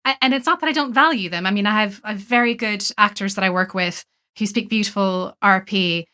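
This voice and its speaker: A woman's voice: mid-range voice, fairly quick, sharp tone. A woman interviewer talking in an earnest, persuasive way with filler words. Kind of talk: casual interview conversation.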